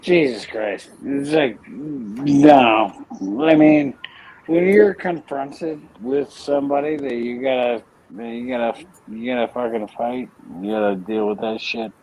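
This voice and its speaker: A man in a casual chat who reads out the chat's reactions and tells a story in a halting, profane way. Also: medium pitch, lively intonation, a little mellow, low-quality recording. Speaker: co-host.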